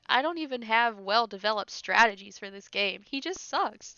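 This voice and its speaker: A woman's voice: fairly high pitch, lively intonation, normal speed, pushed and bright, smooth, no room sound. A woman streamer giving casual gameplay commentary, laughing often and making sarcastic, teasing remarks. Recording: dull lo-fi stream audio with faint game music.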